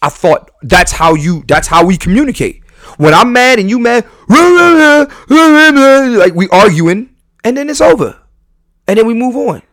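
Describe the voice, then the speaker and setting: A man hosting a podcast, talking candidly and emphatically, repeating and restarting his phrases and swinging between loud bursts and low, quiet asides. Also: no room sound, studio quality. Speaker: podcast host.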